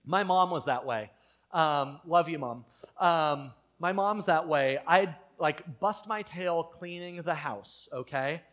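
A man's voice: on the high side, takes it slowly, fairly bright tone. A man preaching a conversational sermon, telling the story casually with frequent fillers. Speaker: pastor.

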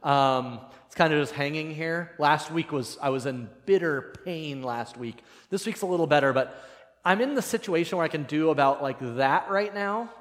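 Pastor telling a story in a reverberant hall. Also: male voice, fairly high pitch, normal speed. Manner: casual and self-deprecating, animated when retelling. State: voice slightly strained, cracking. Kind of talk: conversational sermon storytelling. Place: church sanctuary.

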